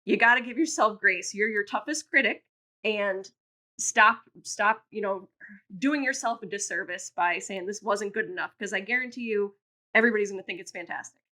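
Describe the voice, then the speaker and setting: A woman's voice: mid-range voice, moderate pace, bright, forceful tone. A woman co-hosting a podcast, earnestly encouraging her guest in casual chat. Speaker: podcast host.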